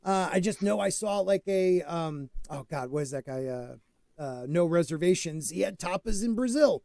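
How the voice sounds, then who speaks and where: A brash, joking man in casual podcast banter, his voice pitched high. He talks loudly and swings into mock voices. The sound is dry and close. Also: animated, moderate pace, gravelly, no room sound. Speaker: podcast co-host.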